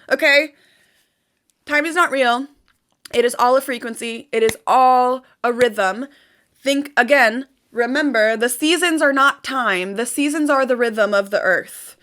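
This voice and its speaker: A young woman vlogging about manifestation, talking in an emphatic, animated way and repeating herself for effect. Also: on the high side, moderate pace. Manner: animated, emphatic, repetitive, swears casually. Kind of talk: casual motivational vlog.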